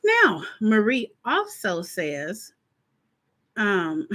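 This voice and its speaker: A woman hosts a live stream in relaxed, informal chat, speaking straight to her audience. She is animated and acts out her own reactions as she goes. Her voice sits in an everyday middle pitch. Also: slow, long pauses. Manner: informal, talks straight to viewers. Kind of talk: casual chat.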